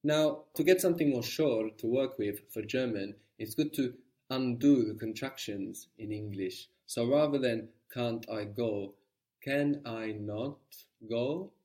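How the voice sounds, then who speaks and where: A man's voice: mid-range voice, unhurried, hardly any pauses, warm tone. A man teaching a language lesson, explaining patiently and encouraging his student.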